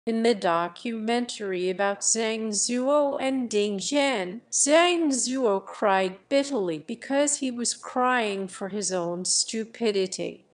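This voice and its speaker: A woman reading a translated voice-over in a flat, even, measured way. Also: fairly high pitch.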